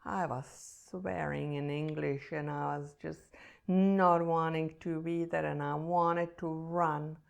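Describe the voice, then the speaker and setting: A woman's voice: low-pitched, steady tone, slow pace, gravelly. A woman who teaches meditation, telling a personal story in an earnest, emotional and reflective way.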